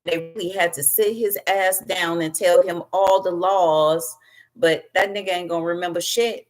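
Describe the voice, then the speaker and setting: A woman's voice: on the low side, steady tone, normal speed, soft background music. A woman doing a tarot reading as a brash, profane, rambling rant, laughing as she goes. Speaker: tarot reader.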